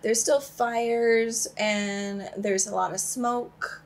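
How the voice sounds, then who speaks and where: A young woman co-hosting a reaction channel, chatting casually and filling pauses with um and like. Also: on the high side, fairly even intonation. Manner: chatty, laughs along, fills with um and like. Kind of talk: casual chat.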